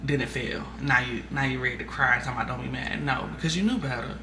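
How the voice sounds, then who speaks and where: A woman's voice: a bass voice, fast talker. A young adult woman vlogging in a casual, chatty way, venting with frequent fillers. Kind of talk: casual chat. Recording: roomy distant mic with background noise.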